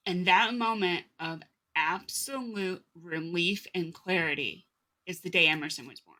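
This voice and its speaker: A woman's voice: fairly low pitch, measured pace, pushed and bright. A woman in her late forties, a podcast guest telling her personal story candidly in conversation. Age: 40s. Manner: candid, storytelling, acts out quoted people.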